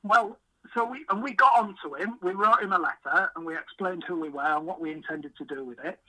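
A man's voice: high-pitched, a little fast, sharp tone, low-quality recording. A man from England, a podcast guest and fishery owner, telling rambling self-deprecating stories in a casual chat. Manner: chatty, self-deprecating, rambling anecdotes with quoted dialogue. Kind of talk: casual storytelling.

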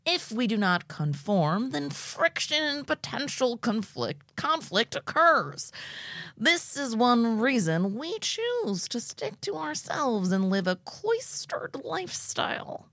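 A woman voicing a solemn male cult leader, reading his statement in a slow, drawn-out, lofty way. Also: a little high, very animated, fairly bright tone, dry recording, pitched above the performer's own voice, heavily acted.

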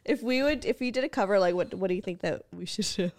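A woman co-hosting a podcast in casual chat. She is giggly, chatty and quick to laugh. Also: mid-range voice, a little mellow. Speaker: podcast co-host.

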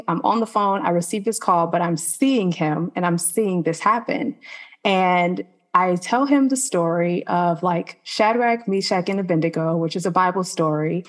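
Earnest woman sharing a personal testimony. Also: fairly low pitch. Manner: earnest, conversational, many "like" fillers. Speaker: podcast guest. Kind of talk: personal testimony in a faith podcast interview.

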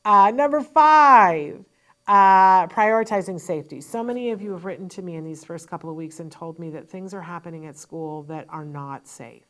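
Woman host, slightly low voice, fast and emphatic, blunt asides, studio mic. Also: a bit bright. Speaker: host and parent advocate. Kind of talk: advice monologue to parents. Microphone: studio microphone.

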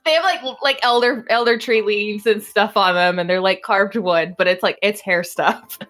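A woman's voice: mid-range voice, moderate pace, a bit bright, faint music behind. A woman playing a tabletop game, chatty and laughing often. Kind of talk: casual tabletop game play.

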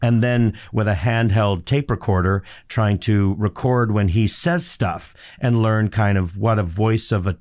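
A middle-aged man with a raspy, textured voice, chatting as a voice actor guest on an interview show and telling stories with sarcastic asides. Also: fairly low pitch, unhurried, hardly any pauses. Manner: animated storyteller, sarcastic asides. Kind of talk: casual interview chat.

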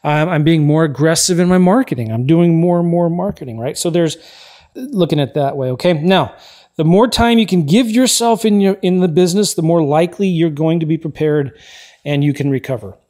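A man hosting a podcast, giving emphatic motivational advice and often checking in with a quick "right?". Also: on the high side, a little mellow. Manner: emphatic, repeats key points, frequent "right?" tags. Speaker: podcast host.

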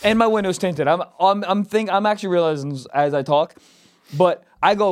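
A man co-hosting a podcast, telling stories in an animated, profane way and shouting out quoted lines. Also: high-pitched, brisk, no room sound, clean studio sound. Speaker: podcast co-host. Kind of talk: casual comedic chat.

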